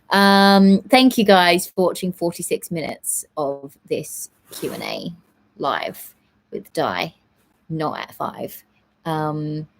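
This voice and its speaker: A young woman at home hosting a casual live Q&A, chatting in a rambling way with many fillers. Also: lowish voice. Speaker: live stream host answering viewer questions.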